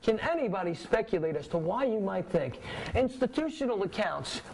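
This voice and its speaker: A man's voice: high voice, moderate pace, creaky, rough recording. A man teaching a finance class in casual lecture style, telling stories and acting out dialogues with clients, often checking that the class is following. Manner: animated storytelling, acts out dialogues, quizzes the class. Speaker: finance instructor.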